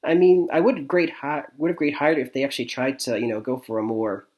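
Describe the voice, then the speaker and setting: A man's voice: mid-range voice, fairly even intonation, fast, a little mellow. Rambling man reviewing movies. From Michigan. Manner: rambling, many fillers and restarts, frequent chuckles. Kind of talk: casual movie review vlog.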